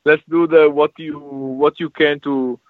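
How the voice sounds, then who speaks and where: A man's voice: on the high side, flat delivery, no echo. A man with a strong Italian accent, for whom English is not his first language, answering interview questions about composing music and hesitating often with fillers and restarts. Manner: halting, many fillers and restarts. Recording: tinny phone-like line, dry.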